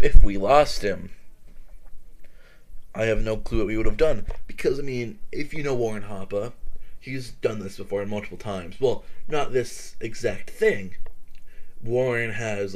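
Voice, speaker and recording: Man, low-pitched, rambling casual vlog talk, stumbles over his words, speaks close to the mic. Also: measured pace, slight background noise, poor audio. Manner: rambling, stammering, filled with "like" and "yada yada". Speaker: gaming vlogger. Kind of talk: casual commentary to viewers. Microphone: close-up desk mic.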